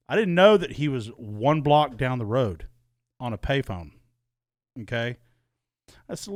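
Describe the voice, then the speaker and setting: A man tells a personal story on a podcast, cursing freely and acting out heated arguments as he goes. His voice sits at an ordinary pitch, recorded close and dry with no room sound. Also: a little slow, pauses often, dry recording. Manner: profane, animated storytelling with heated re-enacted quotes. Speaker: podcast co-host. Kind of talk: casual storytelling chat.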